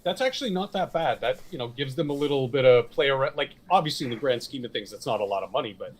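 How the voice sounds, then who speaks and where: A man talking casually as a podcast co-host, his voice sitting at an ordinary middle pitch. He rambles through his opinions, restarts his sentences and swears without a second thought. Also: animated, fast talker. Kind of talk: casual chat.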